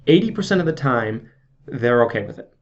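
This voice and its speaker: A man talks straight to camera as an insurance sales trainer, coaching in a chatty, informal way and checking in with "okay?" as he goes. His voice sits at an ordinary middle pitch. The recording is a little dull and lo-fi. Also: sing-song, a little fast. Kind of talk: casual video sales training. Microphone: camera video. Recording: slightly dull lo-fi audio.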